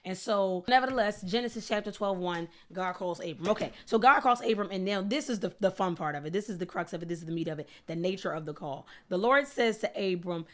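A woman's voice: lowish voice, a little fast, hardly any pauses. A woman preacher delivering a sermon with fervent, emphatic repetition, building intensity as she speaks.

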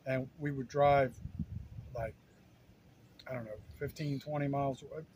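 A man in his fifties tasting his own cooking on a casual vlog, talking in a halting, stuttering, self-deprecating way, sometimes while chewing. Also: medium pitch, fairly even intonation, a little mellow, a little hiss or hum. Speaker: cooking vlogger.

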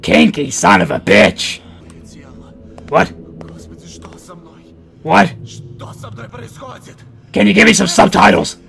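A man's voice: high-pitched, very animated, slow pace, vocal fry, pauses often, soft background music. A man doing profane, joking let's play commentary while playing a horror game. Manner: crude, loud, profane joking. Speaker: gaming channel host.

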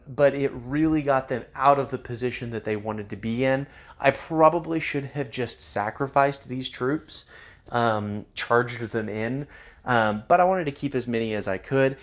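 A man's voice: medium pitch, a bit bright. A man giving casual commentary on a strategy game, with many ums and uhs. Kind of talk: gameplay commentary.

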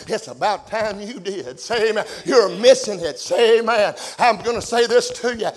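A middle-aged man preaching a revival sermon, folksy and plain-spoken, swinging from shouted glory cries to hushed, tender lows. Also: normal speed, in a large hall.

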